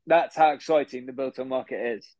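A man's voice: medium pitch, a little fast, darkish tone, no room sound, lightly acted, rough recording. A man playing a smug posh bro. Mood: boastful. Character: smug posh young City bro, boastful gym fanatic. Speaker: podcast guest. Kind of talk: improvised character comedy.

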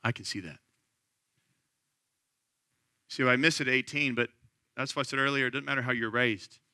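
A man's voice: mid-range voice, flat delivery, quick pace, sharp tone, smooth, no echo, clean studio sound. A man in his thirties, a pastor giving an earnest, conversational sermon. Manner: earnest, conversational preaching that rises to impassioned.

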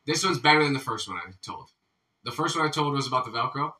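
Lively loud man telling crude jokes. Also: mid-range voice, fast talker, far from the mic. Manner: loud, joke-telling, laughs a lot. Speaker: podcast host. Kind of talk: crude casual podcast banter.

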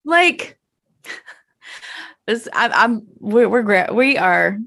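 A woman's voice: on the high side, drawn-out words, vocal fry. A young woman co-hosting a podcast, telling stories candidly in casual chat and swearing freely. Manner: candid, profane, animated storytelling. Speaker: podcast co-host.

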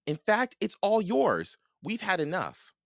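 A man's voice: high-pitched, wildly swooping pitch, a little slow, creaky, fairly bright tone, no room sound, studio quality, voice pushed up, full character voice. A man doing a bookish young boy. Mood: nervous. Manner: eager, raised boyish voice.

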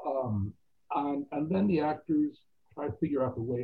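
A man telling stories as an actor guest in a casual interview, animated and quoting other people's voices. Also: a little high, moderate pace, creaky, breathy edge. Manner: animated anecdotes with quoted voices. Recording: tinny phone-like line.

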